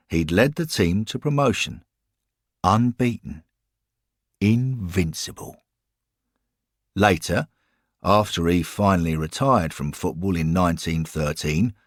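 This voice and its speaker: A man reading an audio story aloud in a wry, expressive narration. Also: low voice, no room sound, studio quality.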